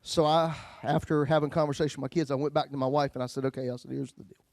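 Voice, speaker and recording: A male pastor telling his own story in a sermon, folksy, swinging between loud bursts and hushed lines. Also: on the high side, steady tone, quick pace, no room sound.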